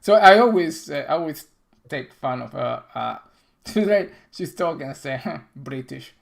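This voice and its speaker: A middle-aged man hosting a game dev stream, chatting casually with halting, non-native phrasing and frequent restarts. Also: on the high side, animated, vocal fry. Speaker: game developer and stream host.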